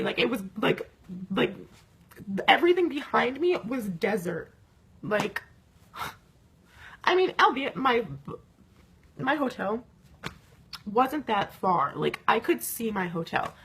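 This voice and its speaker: A young woman with a fairly high, husky voice tells the story of a night out in a casual vlog. She's animated, swears a lot, and packs her speech with fillers like "like."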